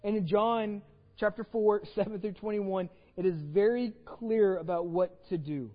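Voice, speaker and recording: High-voiced Texan pastor preaching in a hall. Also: male voice, unhurried, highs cut off. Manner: conversational, repeats words when starting phrases. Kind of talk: sermon. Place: church sanctuary.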